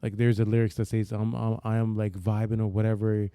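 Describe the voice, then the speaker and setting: A man co-hosting a casual podcast chat, laughing often and breaking into high-pitched bursts of laughter. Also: level tone, a little fast, mellow, smooth, no room sound. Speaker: podcast co-host.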